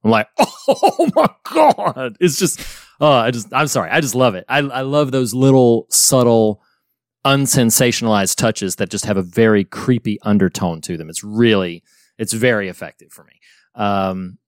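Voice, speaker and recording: A man's voice: fairly low pitch, normal speed, no room sound, studio quality. A man co-hosting a podcast, chatting casually about a horror film with many fillers and restarts. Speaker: podcast co-host.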